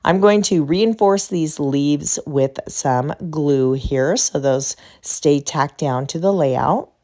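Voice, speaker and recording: A woman hosting a craft tutorial in a low, chatty voice, still a little off as it recovers from a recent illness. She talks through each choice casually as she works, a middle-aged host thinking out loud. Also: slow.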